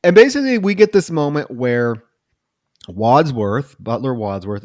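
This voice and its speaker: A man's voice: lowish voice, a little mellow, no room sound. Chatty man recapping a film, dry sound. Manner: recaps plot at length in a loose, chatty way. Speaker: podcast co-host. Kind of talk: casual film discussion podcast.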